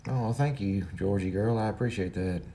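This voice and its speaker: Folksy Kentucky man with a low, mellow voice. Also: moderate pace, slight background noise. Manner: folksy, talks to viewers directly. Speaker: livestream host. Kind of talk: casual livestream chat.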